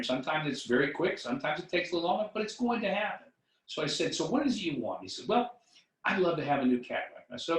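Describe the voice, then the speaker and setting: A man's voice: medium pitch, fairly bright tone. A middle-aged man from the United States giving a motivational talk, telling a story and acting out both sides of the dialogue. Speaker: motivational speaker. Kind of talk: storytelling talk on building wealth. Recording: echoey room from a distance.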